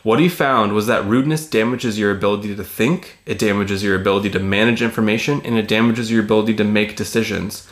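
A man's voice: fairly low pitch, steady tone, fast talker, hardly any pauses, roomy sound. A man co-hosting a podcast in casual chat, reading out study findings and swearing casually. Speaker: podcast co-host.

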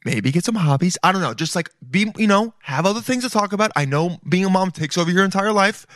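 This podcast host speaks fast in a high, expressive, slightly bright voice, with no room sound around him. His comedic monologue rambles along casually, full of profanity and friendly "dude"s aimed at listeners.

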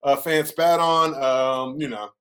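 A former college basketball player telling loose, profane stories in a casual podcast chat. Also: male voice, a little high, slow. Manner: loose, profane storytelling with lively voiced asides.

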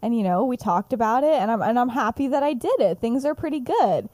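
Giggly young woman, dark mellow voice. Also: fairly high pitch, fairly quick, dry recording. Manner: animated, giggly, acts out the characters' lines. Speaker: podcast co-host. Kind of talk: casual chat, retelling her own story.

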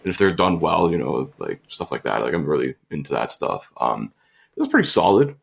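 A man's voice: rumbling low, huge pitch swings, normal speed, creaky. A young man co-hosting a podcast, rambling casually through a song review with lots of fillers. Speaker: podcast co-host. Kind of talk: casual music review chat.

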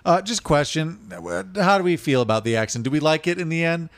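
Chatty man, slightly high voice. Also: animated, a little fast, creaky. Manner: chatty, hedging, laughs often. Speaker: podcast co-host. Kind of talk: casual movie chat.

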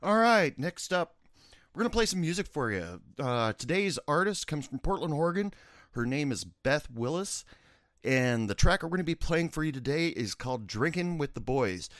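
Animated joking man podcast host. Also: on the high side, moderate pace, no echo, studio quality. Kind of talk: casual chat.

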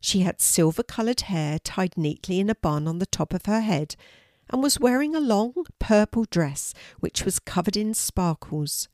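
An older woman, a grandmother, reading a children's story aloud in a warm, gentle way. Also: medium pitch, animated, moderate pace, no echo, studio quality.

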